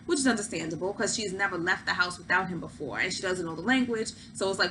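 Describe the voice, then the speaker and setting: A woman's voice: lowish voice, fast, hardly any pauses, noisy background. A woman hosting a casual recap of a reality show, chatty and opinionated, with lots of fillers. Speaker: host.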